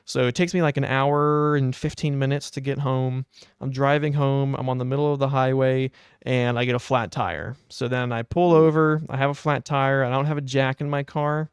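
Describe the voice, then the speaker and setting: A young adult man hosting a podcast, telling a casual anecdote in a wry, animated way. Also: medium pitch, moderate pace, clear, resonant tone, no room sound, studio quality. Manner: animated, wry storytelling with quoted asides. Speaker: podcast host.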